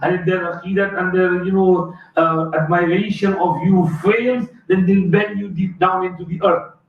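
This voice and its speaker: High-voiced male teacher telling a story. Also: fairly even intonation, normal speed. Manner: acts out the story's voices, mixes Urdu phrases into English. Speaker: religious teacher. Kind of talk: hadith lesson storytelling. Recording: echoey far-off phone-like recording.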